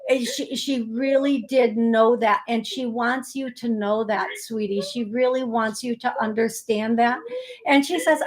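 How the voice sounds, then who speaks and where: A woman hosting an online psychic medium show, speaking gently and consolingly in rushes with many restarts, over a video call. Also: fairly high pitch. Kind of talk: live online show, relaying messages.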